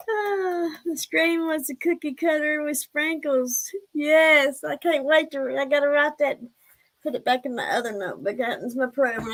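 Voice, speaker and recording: A woman chats casually on a live stream, rambling from one thing to the next and answering viewers' comments. Her voice sits fairly high, and she takes her time with each phrase. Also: a bit bright. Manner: rambling and chatty, answering the chat. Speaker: livestreamer chatting with viewers.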